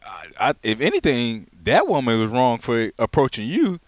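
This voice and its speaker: A man's voice: medium pitch, huge pitch swings, moderate pace, no room sound. A man co-hosting a casual sports podcast, talking emphatically and repeating himself as he argues a point. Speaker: podcast co-host.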